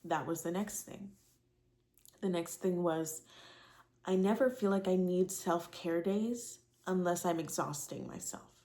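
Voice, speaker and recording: A woman's voice: on the low side, unhurried, dark tone. A woman in her twenties frankly telling a rambling personal story to camera, with many fillers and casual swearing. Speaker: vlogger.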